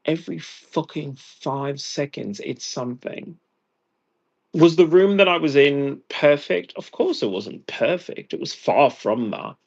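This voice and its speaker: An exhausted American vlogger rants angrily and profanely in a monologue. His voice is on the high side and animated, his pace measured, and the audio sounds dull.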